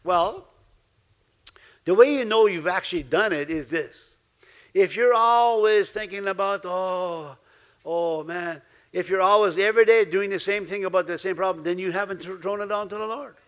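A man preaching a sermon as pastor, lively, laughing now and then and acting out the voices he quotes. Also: sits high, moderate pace.

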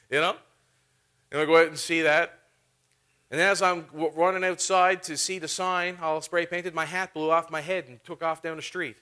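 A man's voice: a little high, sharp tone. A man preaching a sermon, telling a funny story and laughing often as he talks. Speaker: pastor.

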